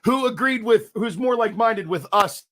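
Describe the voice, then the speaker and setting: A middle-aged man co-hosting a casual chat, telling stories in a profane, animated way. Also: high voice, normal speed.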